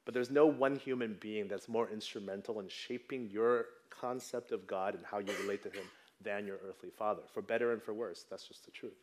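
A man's voice: on the low side, steady tone, fairly quick, a little mellow. Conversational man preaching a sermon. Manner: conversational, tags lines with "right?". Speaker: pastor.

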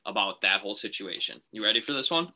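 A man co-hosting a casual sports talk show, telling a made-up phone call with animated put-on voices. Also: fairly low pitch, fast talker. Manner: animated storyteller, acts out phone calls. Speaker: podcast co-host.

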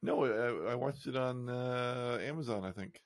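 A man co-hosting a casual podcast, chatty and animated, telling stories with bursts of excitement. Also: medium pitch, measured pace, vocal fry, no room sound. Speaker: podcast co-host. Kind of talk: casual chat.

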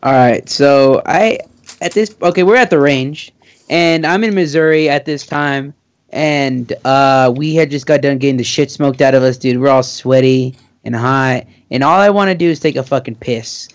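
Young guy telling a story, blunt, swears, average pitch. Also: normal speed. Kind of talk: casual storytelling among friends.

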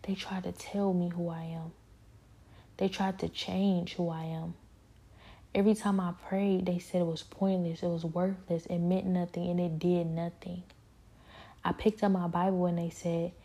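A woman's voice: lowish voice, level tone, moderate pace, mellow, husky. A woman giving an earnest, repetitive personal testimony, often dropping into a whisper. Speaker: speaker sharing a personal spiritual struggle.

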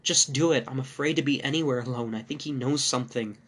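A man voicing a frantic adulterous wife, raising his voice high and panicked as he reads a horror story. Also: fast talker, fairly bright tone, breathy edge. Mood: urgent. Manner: shrill, panicked pleading.

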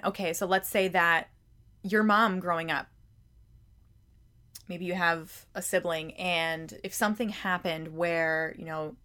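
A woman hosting a self-help podcast, her voice sitting mid-pitch for a woman. She talks in a loose, conversational way, often repeating words as she goes. She presses her points with pointed rhetorical questions. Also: fairly bright tone. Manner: emphatic, challenging rhetorical questions; conversational, frequent word repeats. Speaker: podcast host.

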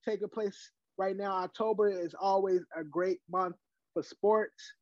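A man with a high voice co-hosting a casual sports podcast. He sounds hyped and keeps repeating himself. The recording is dry and slightly muffled. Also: fairly even intonation, a little slow, no echo. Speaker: podcast co-host.

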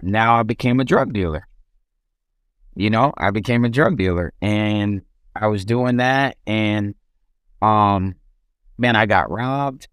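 A man's voice: fairly low pitch, slow, long pauses, a bit bright, smooth, no room sound, clean studio sound. A young man casually telling his life story as an interview guest, loose and rambling with many restarts.

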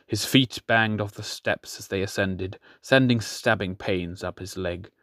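A man narrating a fantasy audiobook in a steady, measured storytelling manner. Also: on the low side, dry recording, clean studio sound.

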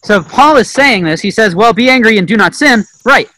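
A young adult man giving a conversational sermon, often asking "right?" and acting out quotes with sudden loud bursts. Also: high-pitched, animated, fairly quick, dry recording, low-quality recording. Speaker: preacher. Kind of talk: informal sermon teaching.

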